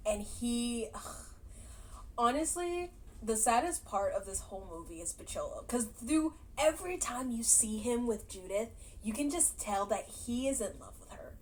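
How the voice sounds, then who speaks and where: A woman casually retelling a movie's plot to her viewers, chatty and laughing as she goes. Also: on the high side. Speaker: movie reaction vlogger.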